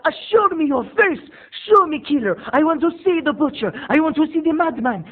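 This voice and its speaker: A man's voice: fairly high pitch, expressive, a little fast, close to an everyday voice. A man voicing a glamorous, pushy female theater agent, grand and melodramatic, on a tinny lo-fi recording. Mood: frantic.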